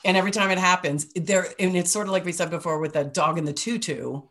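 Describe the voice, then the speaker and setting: A middle-aged woman with a fairly low voice shares personal stories on a podcast. She talks casually and emotionally, breaking into laughter and dropping the odd mild curse. Her storytelling is loose and animated. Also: quick pace. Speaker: podcast co-host.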